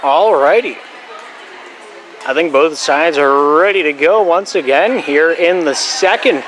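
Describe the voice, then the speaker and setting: A young man doing volleyball play-by-play in a school gym, calling the plays fast and dropping jokey, rambling asides, a bit out of breath. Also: a little high, slight background noise. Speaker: play-by-play announcer. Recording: loud gym ambience.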